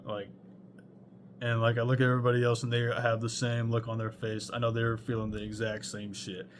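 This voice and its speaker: A man's voice: mid-range voice, completely flat delivery, brisk, a little hiss or hum. A young man telling a rambling storytime anecdote, full of fillers and swearing. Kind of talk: casual storytime monologue.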